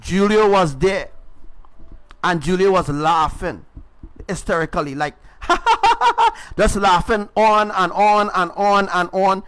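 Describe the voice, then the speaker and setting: This self-styled spiritual preacher speaks at a measured pace, his high voice fairly bright, clear and resonant. Over a livestream microphone he gives his testimony with insistent repetition, frequently asking "right?"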